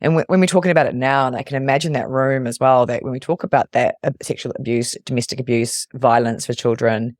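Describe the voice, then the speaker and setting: A man's voice: medium pitch, fairly even intonation, quick pace, few pauses, no room sound, studio quality. A man hosting a podcast interview, speaking in an affirming, reflective way and often restarting his phrases. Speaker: podcast host.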